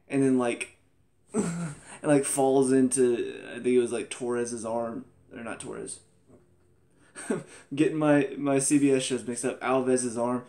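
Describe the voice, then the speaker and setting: In a casual TV episode review vlog, a young man with a medium-pitched voice talks animatedly, laughing often and exclaiming in disbelief.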